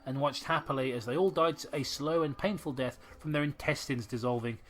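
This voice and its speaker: A man's voice: mid-range voice, a little fast, soft background music. A man reading a story aloud as a podcast host, sarcastic and swearing as he rants about it. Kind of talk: comedic story reading and commentary.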